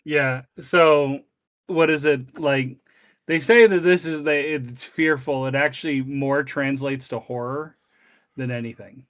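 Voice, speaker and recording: A man's voice: mid-range voice, steady tone, measured pace, a bit bright, dry recording, studio quality. A man co-hosting a casual discussion, explaining carefully while thinking aloud. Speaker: co-host reading the text.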